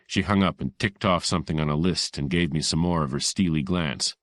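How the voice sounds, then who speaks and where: Male audiobook reader, very low voice, dry close recording, hardboiled first-person narration. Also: steady tone, brisk, hardly any pauses, no room sound.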